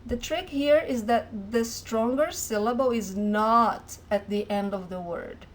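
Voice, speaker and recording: A woman teaching a language lesson, explaining clearly and patiently, repeating words slowly for learners. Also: a little high. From Brazil. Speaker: Portuguese teacher.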